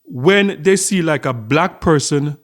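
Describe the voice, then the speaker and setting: Taking it slowly, a middle-aged Jamaican channel host tells a story on his casual vlog with lively intonation in a slightly high voice. His storytelling is chatty and peppered with frequent repetitions.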